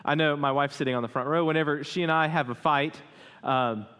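Male pastor, thirties, slightly high voice, conversational sermon, long hall reverb. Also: steady tone, brisk, fairly bright tone, clear, resonant tone. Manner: conversational, asks the congregation questions.

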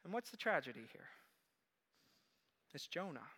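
Casting: male pastor, bright forceful tone, animated storyteller. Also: a little high, unhurried, breathy edge, big-room sound. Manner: animated storytelling, acting out quoted voices. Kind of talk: sermon.

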